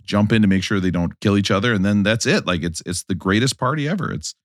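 A man's voice: on the low side, fast, no room sound, studio quality. A man co-hosting a podcast, telling stories in a casual chat and acting out the people he quotes. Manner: animated storytelling, acts out quotes. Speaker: podcast co-host.

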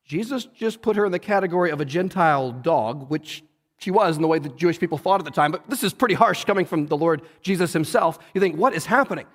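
A man's voice: on the high side, fast. A man pastor preaching a sermon in a church, earnest and conversational, often turning to the listeners with questions. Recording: long hall reverb.

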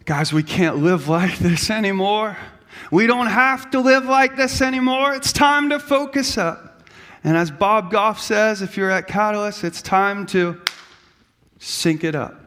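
A man with a very high voice preaching a sermon. He builds from easy talk into rising, impassioned calls. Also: steady tone, measured pace, fairly bright tone, long reverb tail. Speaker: pastor.

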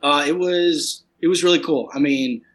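A man as a podcast guest in casual chat, relaxed and chatty with many fillers, with a husky voice. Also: on the high side, normal speed, rough recording. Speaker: podcast guest, cigar brand owner.

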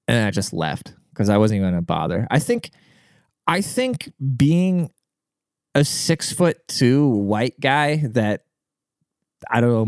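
Man, podcast host, rambling monologue, crude and profane, crisp clear voice, dry close mic. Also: medium pitch, a little mellow, dry recording. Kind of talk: casual monologue.

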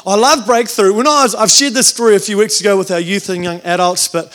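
A man's voice: high-pitched, steady tone, quick pace, fairly bright tone. A young man with a New Zealand accent preaching a sermon as a youth pastor, telling funny stories and acting out the voices. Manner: humorous storytelling with acted-out voices.

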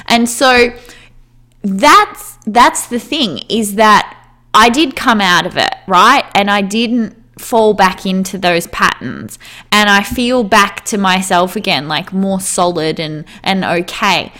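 A woman's voice: medium pitch, bright, forceful tone. A woman, talking candidly in a casual personal monologue, full of "like", easy laughs and casual swearing.

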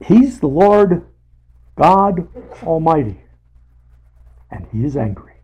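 A man leading a casual Bible study, talking haltingly with many fillers and restarts, and putting emphasis on paraphrased scripture. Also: on the high side, sing-song, mellow, husky, poor audio.

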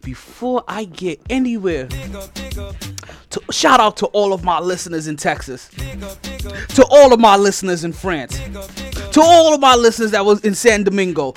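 A man hosting a casual sports podcast, energetic and excitable, often repeating himself mid-sentence. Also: sits high, a little slow, faint music behind. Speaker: podcast host.

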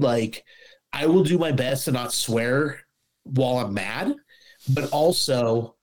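A man's voice: mid-range voice, slow pace, a little mellow, rough recording. Blunt, profane middle-aged man telling stories. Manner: blunt, profane storyteller, acts out dialogue. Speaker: guest, former police officer. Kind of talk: casual podcast chat.

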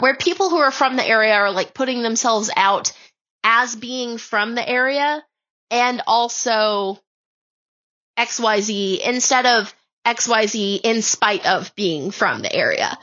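A young woman with a light Southern accent and a high, cute voice chats as an interview guest. She rambles with plenty of "like" and pokes fun at herself. Her tone is bright and sharp, and the recording sounds a little muffled. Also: expressive, a little slow. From Appalachian South, USA. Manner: rambling, lots of "like", self-mocking humor. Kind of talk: casual interview chat.

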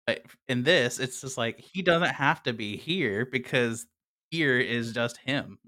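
Casual male co-host, bright tense tone, halting speech with lots of "I don't know". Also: mid-range voice. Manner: hesitant, many fillers and "I don't know". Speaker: podcast co-host. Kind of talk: casual chat.

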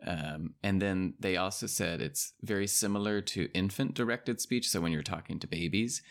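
A man's voice: deep voice, normal speed, creaky. A man co-hosting a casual conversation podcast, talking in a thoughtful, musing way with many hedges. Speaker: podcast co-host.

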